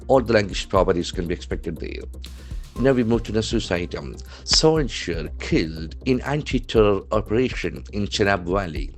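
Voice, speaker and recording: A man with an Indian English accent giving an English vocabulary lesson from the news, spelling words out letter by letter and repeating each one with heavy stress. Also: low-pitched. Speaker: English trainer.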